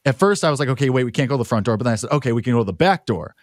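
Male co-host, mid-pitch voice, dry close sound, loose rambling storyteller. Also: lively intonation, racing, no echo. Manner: rambling anecdote full of "like" fillers. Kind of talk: casual chat.

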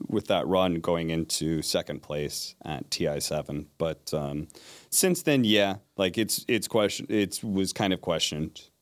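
An esports play-by-play caster chats casually and animatedly in an interview, laughing often. His voice sits low, with a clear, resonant tone.

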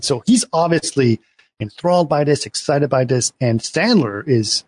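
A man's voice: mid-range voice, expressive, a little slow, darkish tone, no room sound. A man in a casual film discussion, animatedly retelling scenes and acting out the characters' lines.

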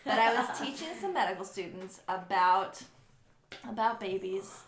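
Woman doctor chatting on a podcast, lively storytelling, bit of room echo. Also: mid-range voice, moderate pace, crowd noise. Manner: animated storyteller, laughs often. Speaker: pediatric doctor, podcast co-host. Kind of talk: casual podcast chat.

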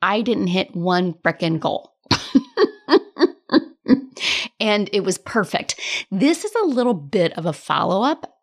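A woman's voice: medium pitch, animated, normal speed. Chatty woman podcast host, candid. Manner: chatty, candid, laughs often, occasional swearing. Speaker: podcast host and business coach. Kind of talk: casual solo podcast monologue.

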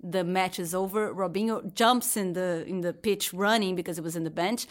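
A woman on a football podcast panel, telling stories with animated emphasis. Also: lowish voice, moderate pace. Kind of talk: casual panel chat.

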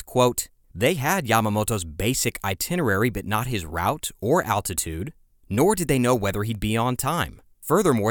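A man's voice: fairly low pitch, no echo, clean studio sound. A man hosting a podcast, telling a history story in scripted narration with casual, conversational asides. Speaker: podcast host.

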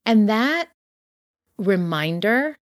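A woman's voice: mid-range voice, big pitch swings, drawn-out words, no echo. A woman author talking animatedly in an interview, full of "you know" and "like", acting out quotes as she tells stories. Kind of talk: casual interview chat.

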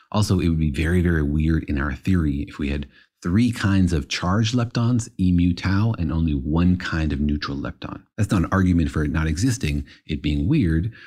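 Deep husky man explaining physics. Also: a little mellow. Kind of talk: casual science podcast explanation.

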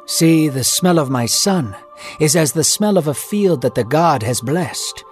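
An aged blind patriarch, as a male storyteller puts him on, declaiming blessings in a solemn, lifted voice. There is soft music faintly underneath the storybook reading. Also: a little high, lively intonation, unhurried, pitched above the performer's own voice. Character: old blind father, solemn and stern.

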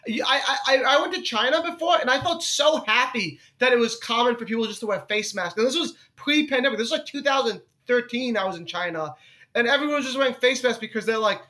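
A man in his thirties talks in a strikingly high, bright, forceful voice. He chats casually and excitably on a podcast, swearing freely and laughing at his own jokes. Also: fast. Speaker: podcast co-host.

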